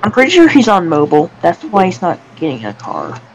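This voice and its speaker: A woman with a bad cough, chatting excitedly with friends while playing an online game and barking commands. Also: on the low side, fairly quick, slight background noise, poor audio. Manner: excitable, swears, shouts commands. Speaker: player in online voice chat. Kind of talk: casual gaming chat.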